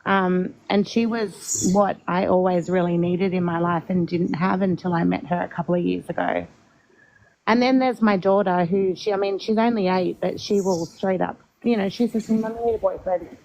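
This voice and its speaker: A woman speaks candidly in a casual group podcast, her voice low and gravelly with a rough edge. She talks openly and easily laughs at herself. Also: fairly even intonation, moderate pace, darkish tone, low-quality recording. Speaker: podcast guest.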